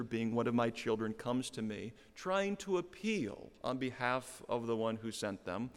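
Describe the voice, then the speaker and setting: A middle-aged man preaching a sermon, explaining a text earnestly and repeating key phrases for emphasis. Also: medium pitch. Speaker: pastor. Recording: long reverb of a hall.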